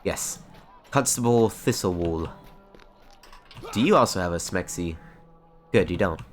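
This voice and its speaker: A man's voice: sits low, expressive, a little slow, long pauses, soft background music. A young man streaming a fantasy online game, chatting playfully and reading quest text aloud. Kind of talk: casual live-stream commentary.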